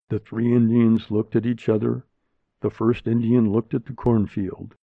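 A man narrates a story in a measured, steady way. His voice is gravelly and his pace unhurried. The recording is dry and thin, like a phone line. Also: on the low side, dry recording. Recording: narrow phone-like sound, dry.

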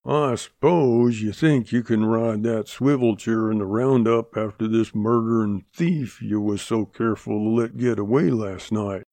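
A man's voice: fairly low pitch, fairly even intonation, a little slow, few pauses, warm tone, no room sound. A man voicing a surly, sneering cowhand in a western audiobook, with a growling drawl.

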